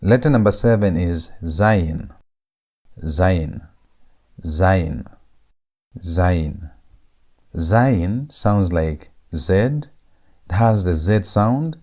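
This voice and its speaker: A man with a very deep voice gives a slow, deliberate lecture. He sounds out each letter again and again, drawing the sounds out. The pace is unhurried throughout. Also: expressive, a little mellow. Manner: repeats each sound several times, drawn out. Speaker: language teacher.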